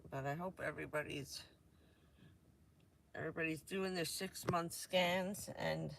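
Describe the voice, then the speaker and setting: A woman's voice: low voice, steady tone, measured pace, creaky, slight background noise. A woman from New Jersey chatting casually on a vanlife live stream, rambling and laughing often.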